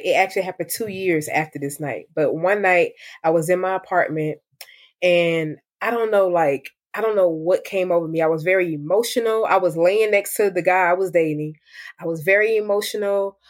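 A woman's voice: fairly low pitch, moderate pace. A young woman giving a candid, emotional personal testimony as a guest in a conversational interview.

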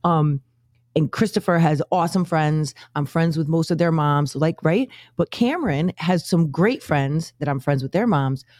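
A woman, co-hosting a casual chat, telling stories in a profane, animated way into a studio mic. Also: low voice, normal speed, no room sound. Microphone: studio microphone.

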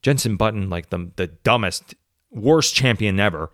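A man's voice: lowish voice, normal speed, a bit bright, dry recording, clean studio sound. A man hosting a solo podcast, ranting sarcastically with plenty of swearing. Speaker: podcast host.

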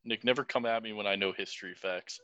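A man's voice: lowish voice, fast, bright, forceful tone, dry recording, highs cut off. A young man co-hosting a podcast, cracking crude, teasing jokes at his friend. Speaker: podcast co-host. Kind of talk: casual podcast chat.

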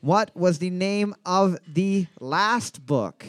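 A man hosting a bar trivia night, joking crudely between slowly read questions. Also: high voice, no echo, clean studio sound. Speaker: trivia night quiz host.

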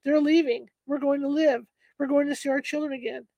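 A woman's voice: high-pitched, fairly even intonation, fairly quick, dark tone, dry recording, dull audio. Woman voicing a desperate trapped man. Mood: elated. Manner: emotional, outbursts.

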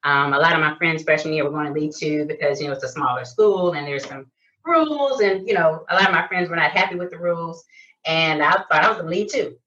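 A middle-aged woman from Detroit, a chiropractor, telling lively stories in a casual interview. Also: sits low, fast talker. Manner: animated storyteller, acts out quoted voices. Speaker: guest, chiropractor. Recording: distant lo-fi sound.

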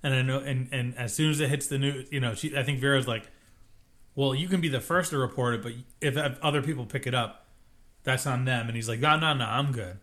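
A man with a mid-range, fairly bright voice talks a little fast as he co-hosts a casual podcast. He retells TV scenes and acts out the characters' lines in a relaxed recap chat.

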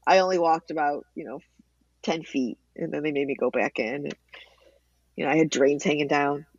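A woman guest in a candid interview, telling her own story with animated, emotional storytelling. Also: low voice, normal speed, slightly rough, no room sound, highs cut off. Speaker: interview guest, cancer advocate.

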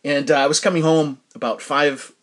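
A middle-aged podcast host talks casually on his own, wandering from thought to thought. His voice sits a bit high for a man, and he fills pauses with "uh" and "like" as he restarts his sentences. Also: flat delivery. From New Hampshire. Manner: rambling, chatty, self-interrupting with fillers. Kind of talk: casual solo podcast chat.

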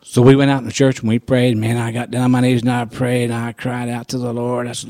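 A man telling a personal faith testimony in a folksy, animated storytelling manner. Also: medium pitch, fast talker, hardly any pauses, dry recording, clean studio sound. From rural farming background. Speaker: guest sharing testimony.

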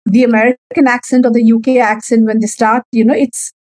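A woman's voice: a little high, level tone, a little fast, darkish tone, no echo, rough recording. A woman with an Indian accent, a guest in a conversational interview, talking with many fillers and restarts.

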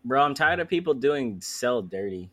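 A man from Queens with a New York accent, co-hosting a casual podcast and talking in an animated, swearing way. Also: mid-range voice, normal speed. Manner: animated, swearing, lively storytelling. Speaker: podcast co-host. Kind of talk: casual chat.

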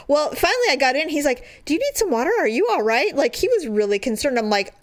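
A woman in casual chat, telling an animated story, laughing and swearing freely. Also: high-pitched, a little fast.

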